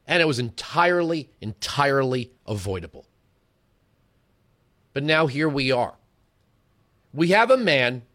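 His voice is medium in pitch and a bit bright. He's a man in his forties running a political talk radio show, delivering an emphatic, rhetorical monologue that drifts from lecture to story and back.

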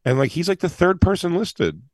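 A man hosting a casual podcast chat, teasing his co-host with quick jokes. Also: high-pitched, sing-song, dry recording, clean studio sound. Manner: joking, teasing, quick banter.

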